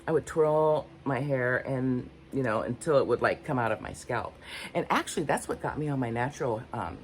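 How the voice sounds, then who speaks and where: A woman's voice: extremely low pitch, normal speed, slight background noise. An older woman vlogging unscripted, candid and rambling, often searching for her words. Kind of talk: unscripted personal talk to camera.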